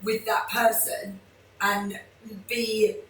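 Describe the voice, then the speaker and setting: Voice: medium pitch, flat delivery, very slow, a bit bright, slight background noise. A podcast co-host offering affirming, reflective remarks. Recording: echoey room, mic at a distance.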